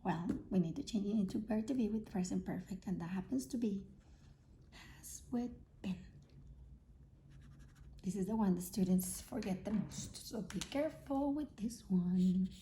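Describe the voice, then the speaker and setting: A woman's voice: mid-range voice, normal speed, warm tone, slight background noise. A woman teaching English grammar, explaining patiently, repeating key points and checking in with her students. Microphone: self-filmed camera.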